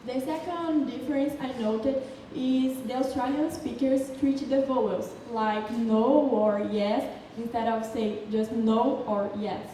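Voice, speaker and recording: A woman's voice: fairly high pitch, a little slow, hardly any pauses, mellow. A woman speaking English with a Brazilian Portuguese accent, giving a prepared student presentation, explaining carefully and stumbling now and then. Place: large city council chamber. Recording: echoey hall from far off with faint noise.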